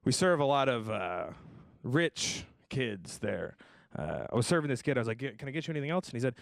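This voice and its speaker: A young man hosting a stand-up comedy show, telling deadpan self-deprecating jokes and slipping into voices for the people he quotes. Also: medium pitch, a little fast, vocal fry, no echo, studio quality. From Tucson, Arizona area. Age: young adult. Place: comedy stage before a live audience.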